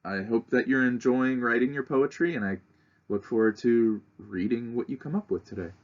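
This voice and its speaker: A male teacher explaining a lesson to children, talking them through it with frequent pauses and fillers. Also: mid-range voice, lo-fi sound. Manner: unhurried, talks students through steps with frequent "uh".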